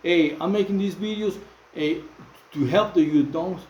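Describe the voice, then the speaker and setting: Middle-aged Mexican man, fairly high voice, halting slang-heavy phone monologue. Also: a little mellow, echoey room, muffled recording. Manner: repetitive, many fillers and restarts, street slang. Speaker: channel host. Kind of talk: casual monologue to camera.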